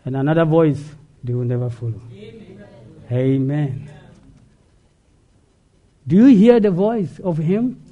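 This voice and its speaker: A man preaching a sermon, asking rhetorical questions and answering them, sometimes shouting. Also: a little high, slow pace, pauses often, highs cut off.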